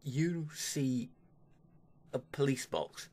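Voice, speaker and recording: A man's voice: medium pitch, drawn-out words, a little mellow. A man giving his opinion in a casual vlog, grumbling and dismissive, trailing off with sighs. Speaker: vlogger.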